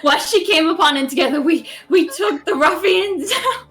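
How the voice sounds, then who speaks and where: A woman's voice: sits high, big pitch swings, moderate pace, fairly bright tone, soft background music. A woman voicing a melodramatic elven woman with a put-on accent in a tabletop role-play game. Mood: theatrical. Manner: theatrical, swooning, over-the-top.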